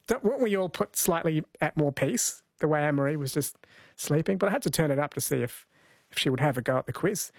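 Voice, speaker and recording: A man's voice: fairly high pitch, animated, quick pace, no echo. A man hosting a late-night radio quiz in a friendly, chatty way, laughing easily.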